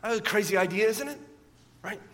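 A man's voice: high-pitched, fairly quick, a bit bright, long reverb tail. A man preaching a sermon as pastor, often asking his listeners rhetorical questions and repeating words as he goes.

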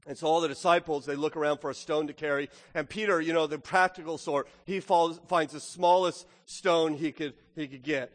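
A man preaching a sermon in a church, animated, swinging from loud to hushed and acting out the lines he quotes. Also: a little high, brisk, hardly any pauses. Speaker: pastor. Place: church sanctuary. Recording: long hall reverb.

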